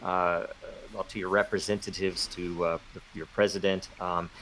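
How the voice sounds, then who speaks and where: A man joining a casual podcast chat, speaking haltingly with many fillers and restarts. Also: low-pitched, level tone, a bit bright, low-quality recording. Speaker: guest.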